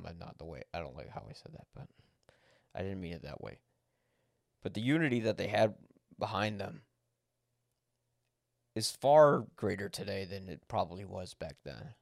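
Blunt, gravelly-voiced man ranting. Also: deep voice, no echo, studio quality. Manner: blunt, swears when angry, corrects himself. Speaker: podcast host. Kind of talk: unscripted personal monologue.

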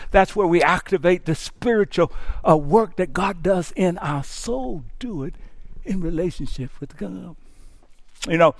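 A male pastor preaches in a high voice, sinking to near hushes before rising into fervent shouts, and he stumbles over repeated words as his intensity grows. The sound is dry and close, with no room sound at all.

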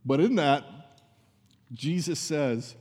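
A man's voice: on the high side, expressive, slow, a little mellow, long reverb tail. A man preaching a sermon as pastor, earnest and conversational, with asides to his congregation.

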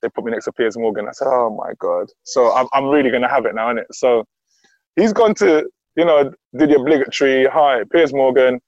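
A man telling a story with lively energy and acting out the voices of the people in it. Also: medium pitch, fast, no echo. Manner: lively, acts out quoted dialogue. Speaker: guest. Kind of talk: animated storytelling. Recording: dull, dry sound.

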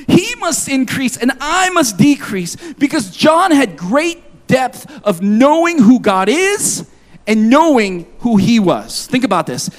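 A man in his forties preaching a sermon, reading scripture and telling a personal story in an animated, joking way. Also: high voice. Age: 40s. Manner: animated, jokey, confessional storytelling. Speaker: pastor.

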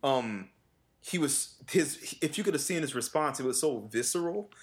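Animated, laughing man in casual chat. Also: on the high side, moderate pace. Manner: animated, mimics voices often, laughs a lot. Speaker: podcast co-host and vocal coach.

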